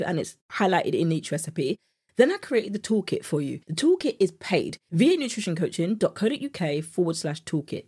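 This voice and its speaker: A British woman hosting a solo podcast as a nutrition coach, chatty and animated, laughing at her own jokes. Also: medium pitch, husky. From United Kingdom.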